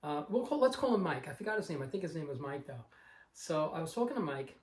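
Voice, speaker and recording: A car collector vlogger from Long Island casually rambles through an anecdote about finding a car, acting out the people involved. His voice sits on the high side with big swings in pitch, his pace is quick, and the room is echoey.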